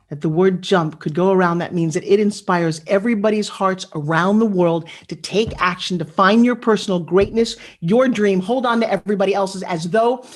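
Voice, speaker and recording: Middle-aged woman giving an earnest motivational talk. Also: medium pitch. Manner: earnest, intimate storytelling that builds to rallying cheers. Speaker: motivational speaker. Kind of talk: motivational speech over video call. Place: home living room. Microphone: video call.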